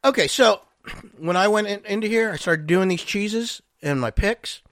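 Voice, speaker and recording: A man's voice: high voice, normal speed, a bit bright, no room sound, clean studio sound. A man co-hosting a podcast, teasing his friends in playful banter. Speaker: podcast co-host. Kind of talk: casual banter among friends.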